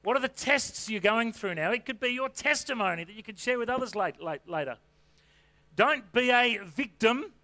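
A man preaching a sermon, telling a personal story in a conversational way and rising to loud, fervent calls of faith. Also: high-pitched, expressive, fairly quick, hardly any pauses.

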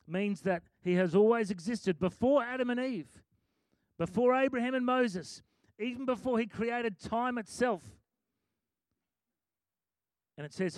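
A man's voice: high-pitched, normal speed, no room sound. A middle-aged male pastor preaching a sermon in a chatty, self-amused way, breaking into sung lyrics.

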